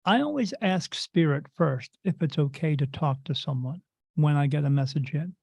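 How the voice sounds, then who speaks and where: A man's voice: a little high, normal speed, vocal fry, a little mellow, dry recording. A man, a medium and interview guest, telling a story in a casual, rambling way and repeating himself before each quote. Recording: dull lo-fi dry recording.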